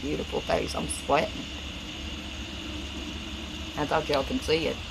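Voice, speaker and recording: A Southern woman with a Tennessee accent talks slowly to viewers on a phone live stream, reading out their comments and answering each one. Her voice is gravelly and her words run together, with a slight stutter. A faint hiss of background noise sits under her voice. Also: low-pitched, little pitch movement. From Southern United States.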